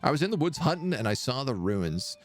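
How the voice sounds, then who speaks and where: A man's voice: mid-range voice, very animated, brisk, soft background music, voice pushed up, natural voice. A man voicing a drunk tavern patron who insists on a ghostly tale, in a slurred, indignant manner. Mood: insistent.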